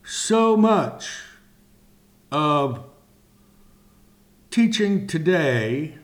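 Very slow, deliberate male Bible teacher. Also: a little high, big pitch swings. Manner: very slow, drawn-out phrasing with long pauses.

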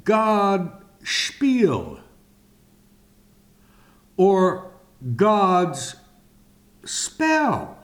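A man teaching a sermon-style Bible lesson, speaking in slow, deliberate phrases with long pauses. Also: high-pitched, huge pitch swings.

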